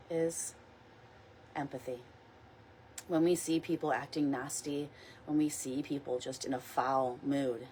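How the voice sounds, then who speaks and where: A woman leading a guided meditation, speaking softly and slowly and repeating calm mantras. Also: low voice, a little hiss or hum, poor audio. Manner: soft, slow, reassuring, repeats mantras. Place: outdoors or near a window in wind.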